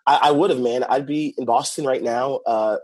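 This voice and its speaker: A man who works as a youth pastor, telling stories in an animated way, repeating words and laughing often. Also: medium pitch, moderate pace. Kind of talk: casual conversational interview.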